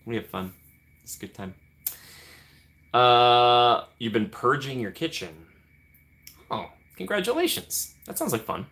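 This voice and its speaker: Speaking at a measured pace with frequent pauses, a young Midwestern American man hosts a casual livestream, where he reads and replies to chat and greets viewers by name in a playful way. His mid-range voice sounds pushed and bright.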